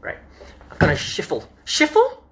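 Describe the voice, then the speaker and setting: Lively Australian drag queen storyteller. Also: fairly high pitch, a little slow, slight background noise. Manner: playful, campy, chatty asides. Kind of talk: live-streamed children's storytime reading.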